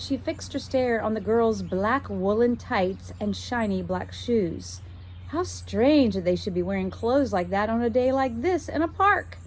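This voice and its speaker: A woman teacher reading a children's chapter book aloud, expressive and now and then stopping to work out a word. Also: fairly high pitch, a little hiss or hum. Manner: expressive, stops to puzzle out words.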